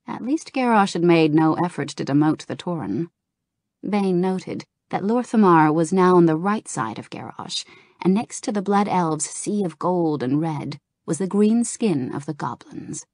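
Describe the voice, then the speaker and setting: A woman narrating a fantasy novel aloud in a calm, steady reading voice. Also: low-pitched, no echo, studio quality. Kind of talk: audiobook narration of a game novel.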